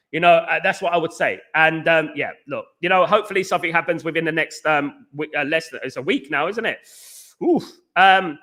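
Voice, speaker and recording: High-voiced middle-aged Cockney man. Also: sharp tone. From East London, England. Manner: rambling, repeats himself, reads out viewer comments. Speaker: podcast host. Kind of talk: casual live-stream chat.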